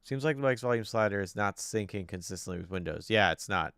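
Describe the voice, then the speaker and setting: A man's voice: on the low side, lively intonation, quick pace, a bit bright, smooth, no room sound, studio quality. A man live-streaming from home, thinking aloud in casual chat while he fiddles with his desk microphone settings and gets frustrated.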